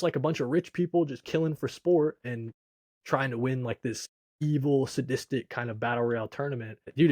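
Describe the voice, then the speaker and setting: A young man hosting a casual comic review livestream, talking excitably and reading viewer comments, often saying "dude" and "bro". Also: medium pitch, no echo, clean studio sound. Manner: excitable, says "dude" and "bro" a lot, jumps between calm and shouting.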